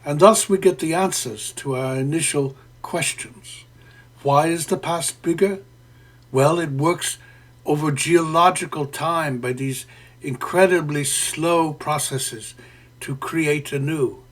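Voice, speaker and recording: Slow, deliberate man analyzing a poem. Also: a little high. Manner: deliberate and professorial, with frequent "uh" fillers and self-corrections. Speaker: poetry lecturer. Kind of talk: spoken literary analysis.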